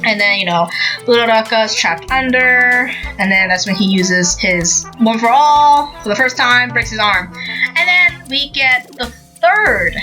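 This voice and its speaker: Bright, rambling young woman podcaster. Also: a little high, poor audio. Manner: rambling, filler-heavy retelling with acted-out quotes. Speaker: podcast host. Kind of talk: casual chat recapping a manga.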